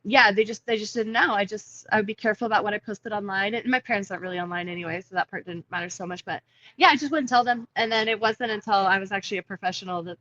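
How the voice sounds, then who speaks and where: A woman's voice: mid-range voice, quick pace, a bit bright, dull audio. A woman in her thirties, a fighter chatting casually as a guest on a video call from a coffee shop, laughing easily. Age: 30s. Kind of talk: casual interview.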